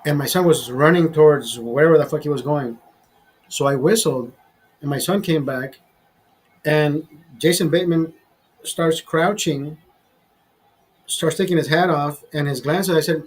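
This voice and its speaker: A middle-aged man telling rambling, profanity-laced stories in a casual vlog, pausing and restarting as he talks. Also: on the high side, husky, rough recording. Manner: profane, rambling, animated storyteller. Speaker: vlogger. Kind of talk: casual storytelling over a beer.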